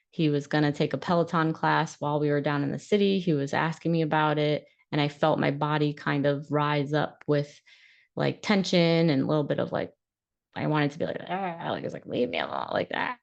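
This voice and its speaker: A woman who works as a podcast host and coach talks casually and frankly in a rambling, self-reflective monologue, often breaking into laughter. Her voice sits low with vocal fry, and the recording is muffled.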